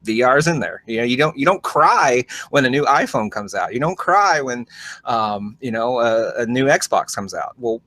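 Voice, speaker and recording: A man's voice: medium pitch, animated, normal speed, fairly bright tone, dry recording. A man co-hosting a casual podcast, rambling and opinionated, with many fillers. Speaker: podcast co-host.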